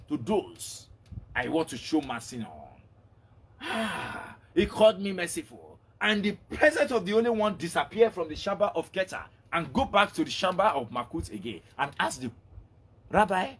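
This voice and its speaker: A man's voice: on the high side, moderate pace, slightly rough. A man teaching as a religious preacher, telling a story with acted-out dialogue and repeated words. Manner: animated retelling, repeating words, acting out dialogue. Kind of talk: storytelling sermon to online viewers.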